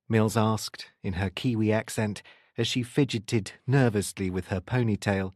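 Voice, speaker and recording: A man reading a crime thriller audiobook in a steady, expressive narration on a close studio mic. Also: on the low side, unhurried, no room sound.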